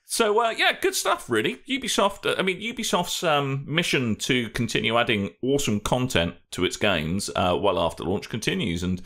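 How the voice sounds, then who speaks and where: Rambling British podcast host, animated pitch. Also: male voice, moderate pace, few pauses. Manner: jokey, rambling with many ums. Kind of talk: casual podcast chat.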